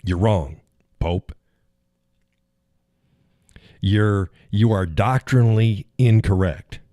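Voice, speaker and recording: Deep-voiced man hosting a casual livestream. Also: drawn-out words, dark tone, dry recording, clean studio sound. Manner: rambling, chuckles often, answers chat viewers. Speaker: live stream host.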